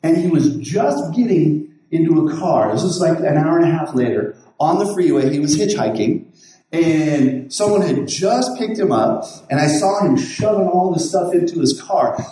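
A man's voice: on the high side, expressive, normal speed, dark tone. Folksy pastor man in an echoey room. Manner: rambling, folksy, with many restarts and quoted dialogue. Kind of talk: casual storytelling.

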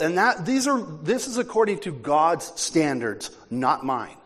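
A man preaching a sermon as pastor, emphatic and forceful, with casual asides. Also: on the high side, sing-song, a little slow, few pauses. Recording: long hall reverb.

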